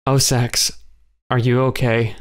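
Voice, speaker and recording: A man's voice: flat delivery, takes it slowly, close to an everyday voice. A man reading an audiobook, voicing an anxious, apologetic young woman in a raised voice. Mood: upset, apologetic. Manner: high, upset, apologetic.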